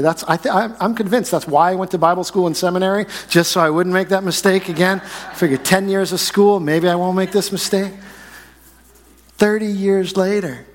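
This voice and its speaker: A man in his forties preaches in a church sanctuary with a slightly high, conversational voice, tossing questions to the pews and drawing out key words. A long reverb hangs after each phrase. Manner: conversational, asks the congregation questions, slows to stress key phrases. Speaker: pastor. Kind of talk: sermon with jokes and a story.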